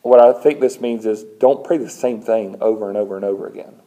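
A man's voice: fairly low pitch, a little fast, low-quality recording. A man preaching a sermon in a conversational, lightly humorous way, often acting out the voices of people in his stories. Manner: conversational, animated storytelling with acted-out voices; frequent fillers and restarts, lightly humorous. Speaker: pastor.

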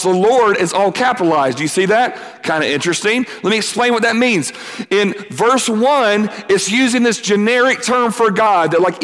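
A man giving a youth camp sermon, energetic and quick, acting out quotes and calling on the crowd to answer back. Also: high voice. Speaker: camp speaker. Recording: long hall reverb.

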